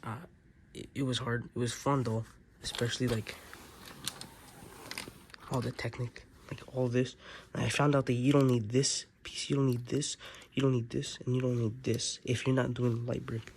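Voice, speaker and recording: Excitable man showing off a toy build. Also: mid-range voice, moderate pace. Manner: excitable, acts out scenes with sound effects. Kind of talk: casual show-and-tell. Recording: noisy room with keyboard clicks.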